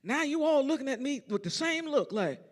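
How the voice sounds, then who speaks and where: An older man, a church organist and choir director, giving a storytelling lecture in a large concert hall, animated and breaking into sung snippets. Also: very high voice, brisk. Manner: animated, sings snippets and acts out quotes.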